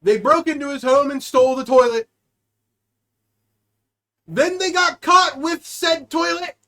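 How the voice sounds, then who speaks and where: A man's voice: very high-pitched, unhurried, pushed and bright. A man co-hosting a comedy podcast, chatting casually and jokingly. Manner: joking, does goofy put-on voices. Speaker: podcast co-host.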